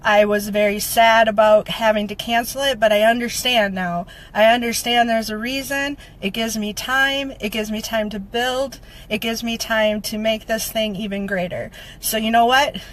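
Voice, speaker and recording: Woman vlogger, slightly high voice, emotional and rallying, repeats her lines for emphasis, close to tears. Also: steady tone, moderate pace, hardly any pauses, poor audio. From Minnesota. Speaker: motivational vlogger. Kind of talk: heartfelt direct-to-camera update.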